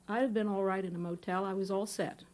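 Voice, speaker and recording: Woman doing a tired divorced lady, quiet and sorry. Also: medium pitch, steady tone, fast, natural voice. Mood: apologetic. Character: weary middle-aged woman back home after divorce. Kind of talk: live fiction reading.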